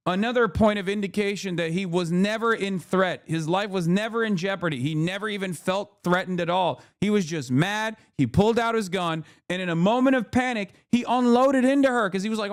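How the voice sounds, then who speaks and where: High-voiced man in a heated profane rant. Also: brisk, hardly any pauses, smooth. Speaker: streamer. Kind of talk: livestream commentary, arguing with chat.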